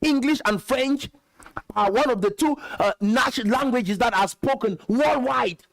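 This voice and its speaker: A man from Cameroon lectures straight at his audience and hammers his points home through repetition. His voice sits high for a man. The recording is close and dry, with no room around it. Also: moderate pace, gravelly, fairly bright tone, dry recording. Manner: emphatic, lecturing, repeats points. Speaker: host. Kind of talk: direct-to-camera commentary.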